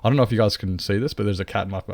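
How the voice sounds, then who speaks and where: Talking rapid-fire in a lowish, darkish voice, this game streamer rambles casually, greets his viewers, chats with them loosely and speaks to his cat.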